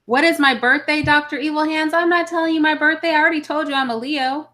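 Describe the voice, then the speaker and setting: A high-sitting woman's voice, steady in tone yet quick, comes across bright and forceful. She's an adult mom hosting a casual live stream and giving blunt, opinionated replies to the chat.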